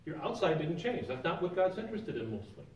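Man, church Bible class teacher, fairly high voice, conversational, asks the class questions, roomy sanctuary echo, distant mic. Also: very animated, quick pace, darkish tone. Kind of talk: informal Bible lesson.

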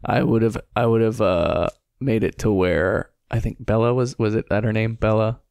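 A man with a low, gravelly voice drifts through casual podcast talk, stopping and restarting with plenty of fillers and profanity. The sound is dry and close, with little room in it. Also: fairly even intonation, normal speed, a little mellow, dry recording. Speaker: podcast co-host. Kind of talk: casual chat.

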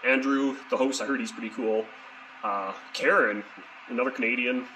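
A man rambling through a joking, deadpan video message to a friend. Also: mid-range voice, normal speed, a little hiss or hum, poor audio.

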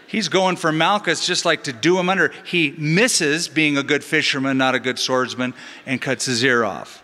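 Middle-aged guy preaching, bright edgy voice, jokey asides, big church echo trailing off. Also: fairly high pitch, moderate pace. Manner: animated teaching with joking asides. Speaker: pastor. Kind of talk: sermon. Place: large church sanctuary. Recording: long hall reverb in church.

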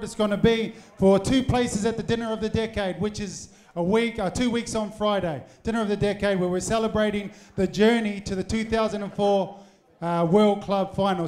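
A man's voice: sits high, a little mellow. A man hosting a live supporters' evening in a packed hotel function room, speaking into a handheld microphone with jokey, rousing asides to the audience. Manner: jokey, rousing crowd address with teasing asides. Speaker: event host. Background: faint crowd of supporters.

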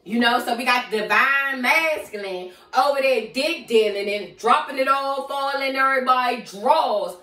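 Sassy high-voiced woman reading tarot. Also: moderate pace, hardly any pauses, sharp tone, reverberant, recorded from a distance. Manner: sassy, slangy, talks straight to the viewer as "girl". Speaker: tarot reader.

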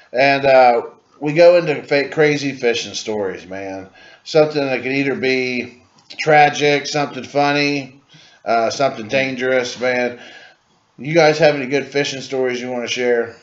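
A man's voice: medium pitch, moderate pace. A man hosting a podcast who asks his guests questions in a laid-back, casual way. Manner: laid-back, says "man" a lot, short backchannels. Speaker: podcast host. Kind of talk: casual interview. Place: workshop. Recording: roomy, slightly dull sound.

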